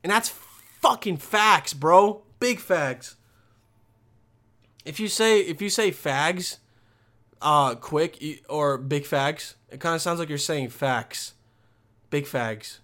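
Young male vlogger, higher voice, profane animated rambling rant. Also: slow. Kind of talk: casual vlog rant.

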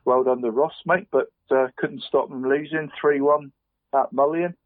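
A man's voice: mid-range voice, fairly even intonation, normal speed, dry recording. A man runs through weekend football scores in a loose, chatty, rambling way. His voice comes through dry and tinny, like a phone line, in the middle of the male range. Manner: rambling and chatty, constantly adding "mate". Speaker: radio football results presenter. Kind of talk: casual radio sports round-up.

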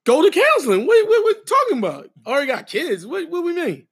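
A middle-aged man with a high voice talks in casual podcast chat. He hammers his points with emphatic, preacher-like repetition. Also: wildly swooping pitch, fast talker, a bit bright. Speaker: podcast co-host and wedding officiant.

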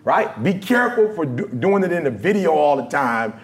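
A man giving a motivational talk to a live audience, animated and repeating "right?" and "you know what I'm saying" often. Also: on the high side, moderate pace. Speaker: guest speaker.

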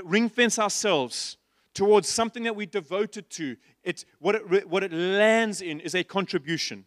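High-voiced man preaching a passionate sermon. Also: fairly bright tone, dry recording, studio quality. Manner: passionate, repetitive preaching with rhetorical questions. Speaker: pastor. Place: church.

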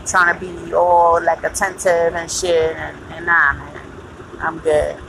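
A woman venting in a blunt, profane, casual monologue, breaking into loud laughs. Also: fairly low pitch, flat delivery, a little slow, creaky, background noise.

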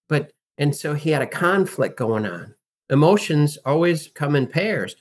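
A man with a husky, slightly high, expressive voice speaks a little slowly as an interview guest. An acting and life coach, he makes his points emphatically and animatedly, posing rhetorical questions to teach in this casual conversation.

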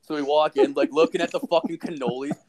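A man's voice: a little high, fast talker. A young man from Ontario, Canada, hosting a podcast and telling a rambling story in casual chat, swearing constantly. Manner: profane, rambling, animated storyteller. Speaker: podcast host.

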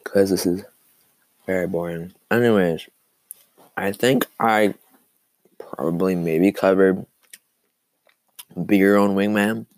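A man's voice: low-pitched, fairly even intonation, takes it slowly, long pauses, a little mellow, dry recording. A young man hosting a casual solo podcast, rambling and self-deprecating, his throat phlegmy from coughing. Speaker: podcast host.

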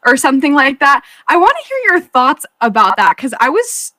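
Book club woman, high bright voice, dry close sound, giggly and casual. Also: very animated, normal speed, dry recording. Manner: chatty, laughs often, lots of "like".

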